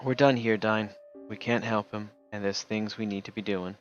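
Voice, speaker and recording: A man's voice: lowish voice, steady tone, normal speed, lo-fi sound, faint music behind, close to an everyday voice. A man reading aloud and voicing a brash, impatient young woman thief who talks in a pushy, urgent way. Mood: curt.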